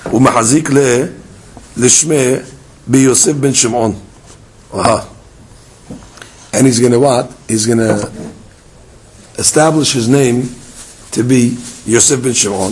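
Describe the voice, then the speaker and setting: A man's voice: medium pitch, a little hiss or hum, rough recording. A man teaching a Talmud lesson, acting out little dialogues and firing rhetorical questions at his listeners. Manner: lively, acts out dialogue and fires rhetorical questions.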